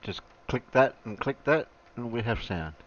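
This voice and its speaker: A man's voice: mid-range voice, expressive, moderate pace. A man co-hosting a casual live-stream chat, talking in an easygoing, rambling way. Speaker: co-host. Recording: dull lo-fi sound with faint noise.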